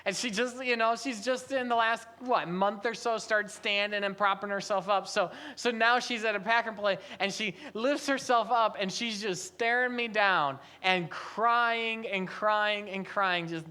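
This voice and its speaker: A man's voice: sits high, fairly even intonation, unhurried, hardly any pauses, sharp tone, clean tone. A man giving a sermon as pastor, telling a family story conversationally with light humor.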